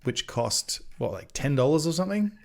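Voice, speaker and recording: A man co-hosting a games podcast with a gravelly, creaky voice. He rambles in loose casual chat, corrects himself as he goes, and swears without a second thought. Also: a little high, lively intonation, normal speed, a little mellow. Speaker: podcast co-host.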